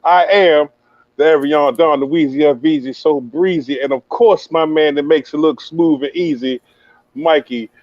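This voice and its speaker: A man's voice: on the high side, moderate pace, darkish tone, dry recording, highs cut off. A man hosting a casual podcast interview, talking in a hype, slangy, playful banter style. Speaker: podcast host interviewing a youth player.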